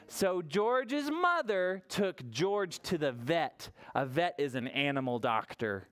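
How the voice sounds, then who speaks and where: A librarian leading toddler story time, an animated, encouraging woman who reads aloud and asks the children questions. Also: low voice, slow, hardly any pauses. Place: public library.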